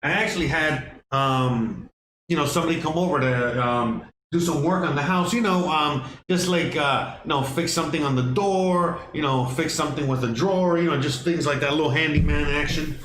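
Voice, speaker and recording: A man's voice: on the high side, moderate pace, fairly bright tone. A man hosting a casual cooking livestream from his home kitchen, rambling with lots of fillers and restarts. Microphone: microphone on kitchen counter setup. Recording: echoey kitchen with background noise.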